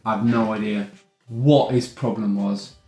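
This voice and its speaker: A man's voice: fairly low pitch, steady tone, a little slow, darkish tone, soft background music. A man improvising a comedy scene, talking in flustered, rambling apologies. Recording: roomy sound with faint noise.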